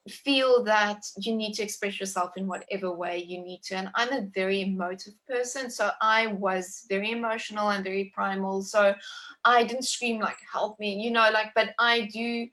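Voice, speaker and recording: A woman in her thirties telling a personal birth story in conversation, emotive and animated, talking with many likes and restarts. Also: mid-range voice.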